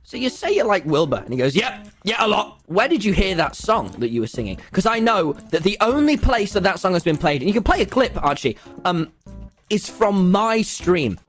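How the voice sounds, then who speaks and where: A man's voice: high voice, very animated, moderate pace, faint music behind. A man telling a comedic story to his viewers, acting out the dialogue and laughing a lot. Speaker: video creator.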